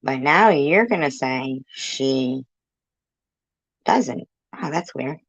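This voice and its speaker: Very deep-voiced combative woman. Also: animated, slow pace, no echo. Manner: combative, sarcastic, profane. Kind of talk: casual livestream commentary. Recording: dull lo-fi stream audio.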